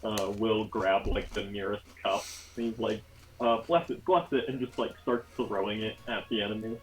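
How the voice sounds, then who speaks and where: A man's voice: on the low side, flat delivery, moderate pace, poor audio. Joking young male tabletop player. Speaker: player, a cleric. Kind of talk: casual tabletop game chat.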